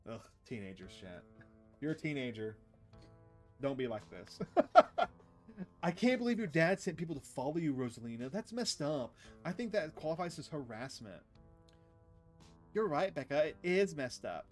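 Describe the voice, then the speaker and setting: Playful male streamer, slightly high voice, reads the game's lines aloud and jokes with chat, faint music behind. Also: expressive, moderate pace. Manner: playful, jokey asides to chat. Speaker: streamer reading a visual novel aloud. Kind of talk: casual let's-play narration with character reading.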